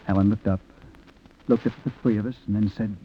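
An actor narrating a 1940s radio drama as a reflective man, quiet and rueful. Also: lowish voice, steady tone, a little fast, slight background noise, natural voice. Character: reflective man telling a sad story. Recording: tinny old radio recording with music.

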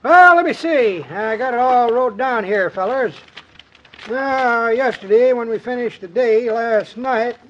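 A high, folksy old-timer. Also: male voice, a little slow, a bit bright. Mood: muddled. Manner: folksy, rambling, fumbling. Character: chattering old male scorekeeper, muddled with numbers. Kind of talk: 1940s radio comedy acting. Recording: muffled old radio recording.

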